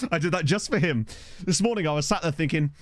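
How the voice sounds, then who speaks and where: A young man with a slightly high voice chats briskly through a game livestream, recorded dry on a desk microphone. He's chatty and jokey, laughing often and sometimes eating, talking with his mouth full.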